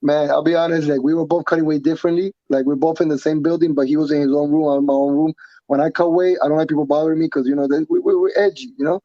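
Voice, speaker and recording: A man, a professional fighter being interviewed, talking casually in an animated, profane way with many restarts and repeats. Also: a little high, racing, no room sound, muffled recording. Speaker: pro fighter guest.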